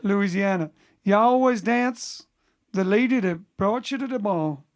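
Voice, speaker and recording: Slow, rambling man chatting between songs. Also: high-pitched. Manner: rambling, chatty, self-correcting. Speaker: bandleader and singer hosting a livestream. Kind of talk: casual chat between songs. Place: home during lockdown.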